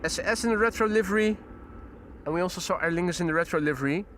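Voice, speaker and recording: Male host, high voice, chatty outdoor live commentary. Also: fast, fairly bright tone, a little hiss or hum. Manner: chatty, greets viewers, frequent fillers. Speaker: live stream host, plane spotter. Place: outdoors near airport runway.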